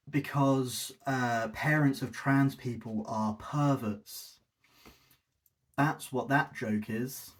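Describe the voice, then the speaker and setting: A man's voice: medium pitch, fairly even intonation, takes it slowly. A man hosting a video essay, giving a sarcastic, exasperated critique with mocking asides. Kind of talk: scripted-ish critical commentary.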